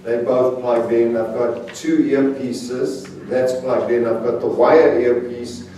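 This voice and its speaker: Chuckling preacher in a very echoey church. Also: male voice, medium pitch, fairly even intonation, slow, mellow, slight background noise. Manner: chatty, self-mocking, chuckles between anecdotes. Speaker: guest preacher. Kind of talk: humorous sermon storytelling. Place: large church sanctuary. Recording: very echoey hall, voice from far off.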